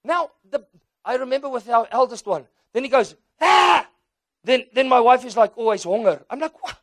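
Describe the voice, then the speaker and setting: South African man preaching an animated sermon. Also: extremely high pitch, a little fast, no room sound, studio quality. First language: Afrikaans. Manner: animated storytelling, acting out voices and mixing in Afrikaans phrases.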